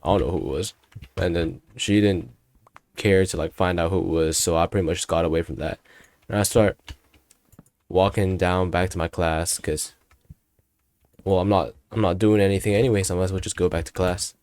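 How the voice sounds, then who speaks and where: A late-teen young man with a low, steady, slightly mellow voice tells a rambling story about his school day at a normal speed. He's a student storyteller, casual, slangy, and profane.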